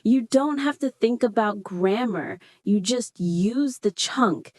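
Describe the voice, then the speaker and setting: A woman teaching English in a scripted dialogue, speaking slowly and clearly with deliberate phrasing. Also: fairly high pitch, animated, darkish tone, dry recording. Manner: slow, clear, deliberate delivery.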